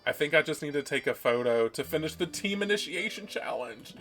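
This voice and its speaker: A man's voice: a little high, animated, a little fast, few pauses, over music. A man streaming a game, chatting casually, gushing and self-mocking. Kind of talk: casual gaming commentary.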